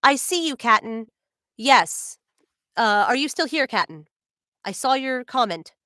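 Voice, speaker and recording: A woman's voice: a little high, sing-song, a little slow, sharp tone, no echo, clean studio sound. A voice actress with a New Jersey accent chatting casually with viewers on her livestream, bubbly and full of laughs and "like"s. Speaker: voice actor hosting a signing stream.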